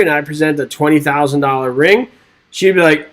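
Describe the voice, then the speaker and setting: A man with a somewhat high voice runs a live exam-prep webinar from his desk microphone. He reads multiple-choice questions aloud, then jokes and checks in with viewers in an upbeat, chatty way. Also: fairly quick, fairly bright tone, rough recording. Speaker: real estate exam instructor.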